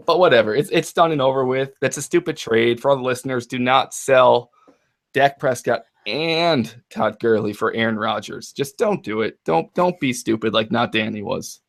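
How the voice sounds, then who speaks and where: Ranting, animated podcast co-host man. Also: medium pitch, a little fast, creaky. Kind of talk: casual chat about fantasy football.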